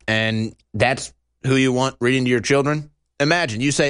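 A man hosting a talk show, giving emphatic, sarcastic commentary with a lively voice. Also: mid-range voice, moderate pace, smooth. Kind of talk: opinionated commentary.

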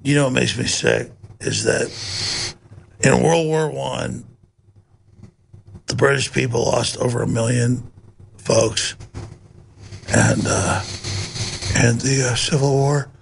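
A man's voice: medium pitch, fairly even intonation, takes it slowly, gravelly, long pauses, a little hiss or hum. A man hosting a talk radio show, ranting with heated, repeated rhetorical questions. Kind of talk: loud talk radio rant.

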